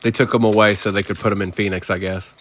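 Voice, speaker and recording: A man's voice: lowish voice, steady tone, fast, background noise. Man calling out cards on a live break. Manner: rattles off player names, chats to viewers. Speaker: card break host. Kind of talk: live card-break commentary.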